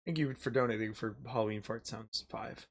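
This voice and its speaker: Creaky-voiced man reading a game story. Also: lowish voice, fairly even intonation, a little fast, a little hiss or hum. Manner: reads story text aloud in a loose, comic way. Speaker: streamer and game narrator. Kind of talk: narrating a text adventure game with friends.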